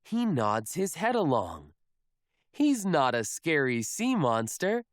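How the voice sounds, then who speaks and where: A man reading a children's picture book aloud in a slow, expressive storybook manner. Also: a little high, dry recording, clean studio sound.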